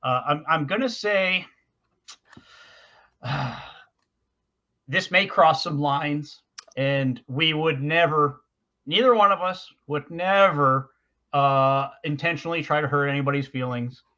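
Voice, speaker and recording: Recorded on dull, lo-fi audio, a male podcast co-host with a bright, fairly high voice chats casually. He goes slowly with long pauses, rambling, hesitating, and restarting sentences.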